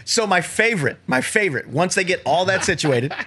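A man with a slightly husky, fairly high voice tells a story on a comedy podcast. His pitch swings widely as he acts out each person in it, and he laughs and curses as he goes. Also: fairly quick. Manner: animated, acts out the people in his stories, laughs often, swears freely. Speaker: podcast co-host.

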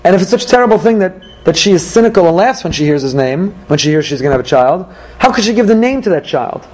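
A man teaching a Torah class, animated, asking questions and answering them himself. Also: sits high, fast, low-quality recording.

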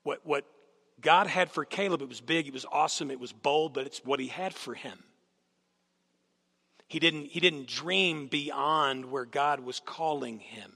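This guest speaker's voice is fairly high, gravelly, sharp and husky, and he speaks a little slowly as he preaches in a church sanctuary. He tells stories with animation and questions the congregation, and a long hall reverb fills the recording.

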